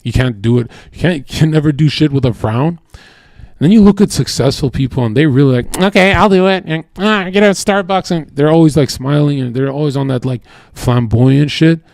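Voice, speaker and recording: A man's voice: mid-range voice, fairly quick, creaky, mellow, no room sound, clean studio sound. A man streaming live, talking in a casual, profane, rambling way and often saying "bro" and "like". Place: home streaming setup.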